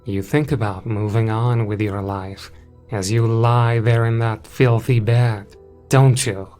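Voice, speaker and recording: A man voicing a cruel, contemptuous winged male creature in a horror story, taunting in a slow drawl. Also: fairly low pitch, steady tone, darkish tone. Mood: menacing. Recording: music in the background.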